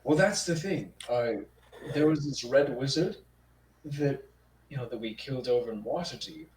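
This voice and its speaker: A man's voice: medium pitch, animated, normal speed, darkish tone. A man speaking in character as a player in a tabletop role-play, rambling and hesitant with many fillers. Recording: roomy sound, from far off, faint noise.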